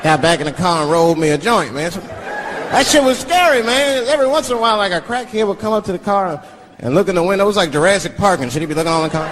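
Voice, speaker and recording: A male stand-up comedian telling a profane story, animated, acting out voices of the people in it. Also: high-pitched, quick pace. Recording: live show with audience laughter and noise.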